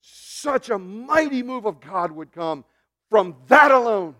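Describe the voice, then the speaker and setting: A man preaching a sermon as pastor, dropping to hushed murmurs and rising to loud, animated preaching, with joking asides to the congregation. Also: high voice, slow pace.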